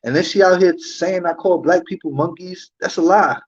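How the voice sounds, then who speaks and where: A man's voice: high-pitched, normal speed. A man hosting a livestream, ranting heatedly and profanely with repeated rhetorical questions. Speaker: livestream host. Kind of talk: livestream commentary rant. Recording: dull lo-fi stream audio.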